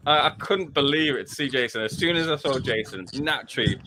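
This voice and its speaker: A man's voice: medium pitch, fast, hardly any pauses, noisy background. A man, a podcast guest, telling a story in casual chat and acting out the people he quotes. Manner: animated, acts out quoted voices, laughs often.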